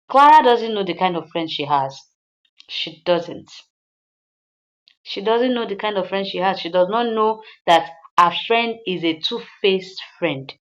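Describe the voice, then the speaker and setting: A woman's voice: mid-range voice, animated, unhurried. A woman narrating a film recap in a chatty way, repeating lines and addressing listeners directly, in a slightly dull lo-fi recording.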